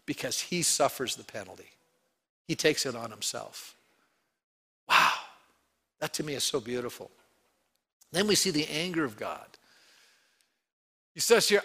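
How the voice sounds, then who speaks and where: A man's voice: fairly high pitch, sharp tone. A man, a pastor preaching an earnest, emphatic sermon full of rhetorical questions.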